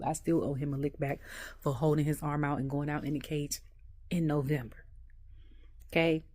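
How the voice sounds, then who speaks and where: A woman vlogging a casual wrestling recap at home, an animated storyteller who laughs often. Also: sits low. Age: adult.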